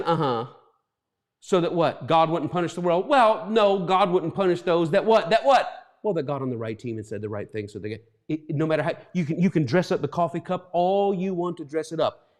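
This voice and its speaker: A pastor in his fifties preaching a reflective sermon, earnest and stumbling over repeated words as he talks. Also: on the high side. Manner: acts out quoted voices.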